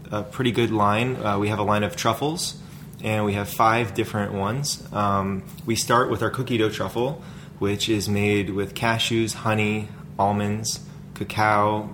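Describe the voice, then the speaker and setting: Rambling low-voiced man, full of fillers. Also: background noise. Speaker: food company founder. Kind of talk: casual interview talk.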